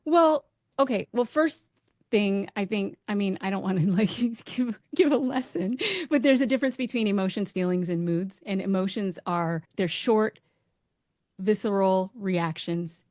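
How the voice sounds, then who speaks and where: A woman's voice: mid-range voice, unhurried, darkish tone, no echo, studio quality. A woman speaking as the expert doctor on a podcast, explaining ideas and affirming others in casual conversation. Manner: explanatory, affirming with frequent yeahs. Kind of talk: casual chat.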